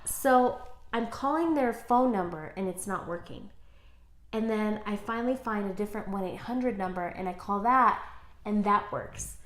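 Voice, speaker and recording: Animated storytelling woman, roomy sound. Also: mid-range voice, normal speed. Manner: animated storyteller acting out quoted dialogue. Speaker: small business owner, co-host. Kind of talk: casual chat over wine.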